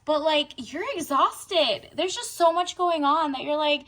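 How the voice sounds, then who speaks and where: A woman's voice: high-pitched, unhurried, fairly bright tone. A woman giving a casual, slangy tarot reading to her viewers, often acting out their thoughts in quotes. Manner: chatty, slangy, acts out the viewer's inner voice. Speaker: tarot reader.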